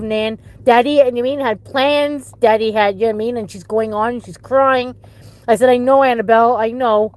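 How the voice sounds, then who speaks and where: A middle-aged woman from Canada, a bereaved mother giving personal testimony in halting, emotional storytelling full of restarts. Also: on the high side, darkish tone, a little hiss or hum.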